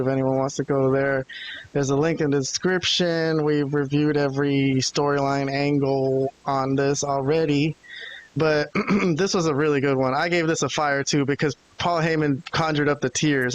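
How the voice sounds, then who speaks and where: A slightly high-voiced man co-hosts a casual wrestling podcast, recapping the week and animatedly acting out what others said. The audio quality is poor.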